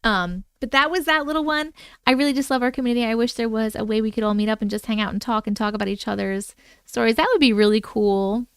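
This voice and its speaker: A woman's voice: a little high, fast talker, clear, resonant tone, no room sound, studio quality. A woman hosting a casual livestream, chatting playfully and talking to herself between the viewer stories she reads. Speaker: host reading viewer stories.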